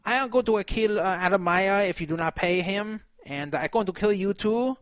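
Comic bit: man hamming up a threatening phone bookie, pitched up, clumsy fake accent, dry close sound. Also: normal speed, fairly bright tone, no echo. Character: menacing made-up male bookie on the phone.

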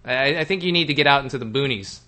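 A man's voice: mid-range voice, quick pace, sharp tone. A man from Texas hosting a show, chatting casually and asking playful questions. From Texas, Houston area. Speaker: podcast host. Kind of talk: casual chat.

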